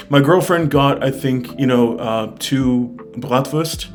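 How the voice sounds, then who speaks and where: A man's voice: medium pitch, unhurried, a little mellow, soft background music. A young man from the United States chatting casually in a travel vlog, candid and upbeat, full of fillers. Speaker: travel vlogger.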